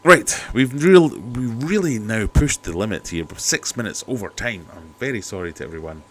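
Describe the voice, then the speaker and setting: With a lowish, slightly rough voice that's fairly bright in tone, a man hosts an at-home aquarium livestream at a moderate pace. He's expressive, chatty, and skeptical, dropping jokey asides into a cheap desk microphone.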